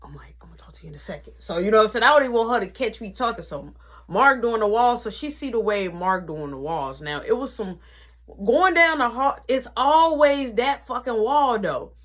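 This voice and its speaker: A woman's voice: fairly high pitch, moderate pace. A woman vlogger retelling a family story in slangy casual speech, acting out the people in it. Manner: slangy, animated, acts out quotes.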